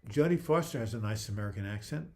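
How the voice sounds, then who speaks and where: A man's voice: on the low side, expressive, quick pace, a little mellow. Older man chatting on a livestream. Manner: chatty, jokey, reads comments aloud then answers; frequent restarts and stammers. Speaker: livestream host. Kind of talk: casual live chat reading viewer comments.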